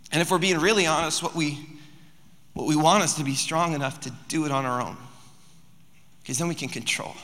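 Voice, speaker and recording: Bright-voiced male pastor preaching in a hall. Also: a little high, fairly quick, pauses often. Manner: storytelling, builds to loud emphatic preaching. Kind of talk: sermon. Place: large church hall.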